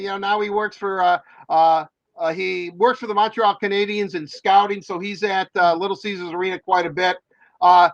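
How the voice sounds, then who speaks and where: A man's voice: sits high, no room sound, highs cut off. A man, a sports reporter, telling a long story in a rambling way with many fillers and restarts. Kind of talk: casual storytelling.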